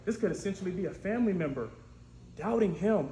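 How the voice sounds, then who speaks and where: A man preaching a storytelling sermon in a lively, conversational way, often asking "right?". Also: high voice, quick pace. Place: church sanctuary. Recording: echoey church room with faint noise.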